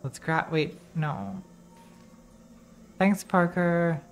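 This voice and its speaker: A woman's voice: fairly low pitch, drawn-out words, a little hiss or hum. A woman streamer giving casual, rambling commentary while playing a game, distracted and swearing as she talks to herself.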